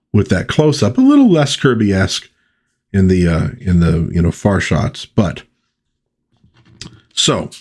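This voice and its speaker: A man's voice: on the low side, darkish tone. A man hosting a casual comic book review, chatty and rambling, with frequent asides.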